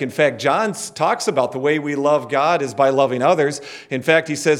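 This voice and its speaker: A man's voice: fairly high pitch, normal speed. A middle-aged man preaching a sermon and leading the congregation in call-and-response. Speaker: pastor.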